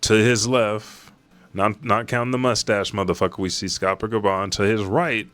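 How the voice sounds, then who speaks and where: A man hosting a casual reaction, reading a chapter aloud. He swears freely and gets excited. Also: fairly low pitch, a little slow, faint music behind. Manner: profane, excitable, reads quoted lines aloud. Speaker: manga reaction host.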